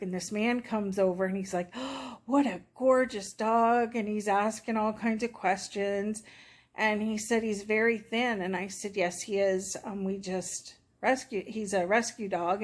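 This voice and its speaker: A middle-aged woman chatting to her viewers, telling a personal story in a rambling, emotional way and acting out what people said. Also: medium pitch. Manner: chatty, rambling, emotional, acts out quoted dialogue. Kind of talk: casual storytelling to camera.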